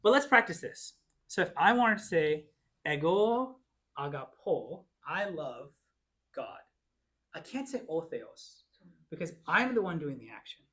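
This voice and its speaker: A man teaching a Bible class in a church classroom, giving a lecture and patiently explaining, slowing down to repeat example phrases. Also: a little high, very animated, sharp tone.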